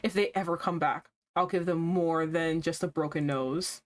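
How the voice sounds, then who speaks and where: A woman voicing a brooding, possessive young man from a visual novel, speaking low and gruff. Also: steady tone, moderate pace, lightly acted. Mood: menacing.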